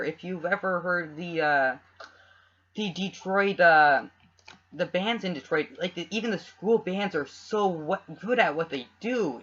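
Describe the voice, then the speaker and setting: Heard through a dull lo-fi home recording, this young man from Canada chats casually as a podcast co-host, rambling and frequently restarting sentences. His voice sits high with a sharp tone.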